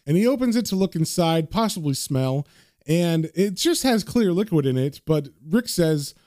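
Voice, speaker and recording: A man's voice: fairly high pitch, expressive, normal speed, mellow, no room sound, studio quality. A man casually narrating a comic book, chatty and conversational, with frequent fillers.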